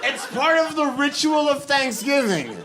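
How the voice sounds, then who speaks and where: Lively stand-up comic from Boston. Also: male voice, very high-pitched, measured pace, a crowd in the background. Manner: animated storytelling that swings between hushed and shouting. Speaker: stand-up comedian. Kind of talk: stand-up comedy set. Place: live comedy stage. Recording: live set with ambient noise.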